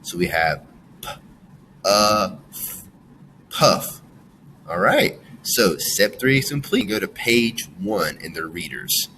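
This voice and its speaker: A man's voice: lowish voice, animated, bright, forceful tone, slight background noise, poor audio. A man teaching a phonics lesson to children, sounding out letters one by one and walking the class through each word. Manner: slow, sounding out letters and praising.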